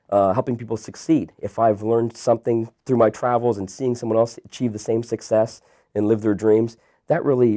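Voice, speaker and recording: A Canadian man in his thirties, a guest entrepreneur telling his story in a relaxed, rambling interview style. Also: on the low side. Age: 30s. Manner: relaxed, rambling with many fillers and restarts.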